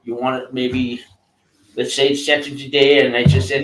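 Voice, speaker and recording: A man's voice: mid-range voice, flat delivery, a bit bright, soft background music. Rambling man in an echoey room. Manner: rambling, halting, with many restarts and fillers. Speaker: host coaching a guest. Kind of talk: casual advice chat.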